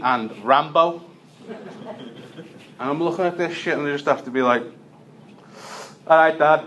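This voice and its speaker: A young man from Liverpool with a Liverpool accent doing a stand-up set, deadpan storytelling with punchlines. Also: fairly high pitch, slight background noise. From Liverpool, England. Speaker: stand-up comedian.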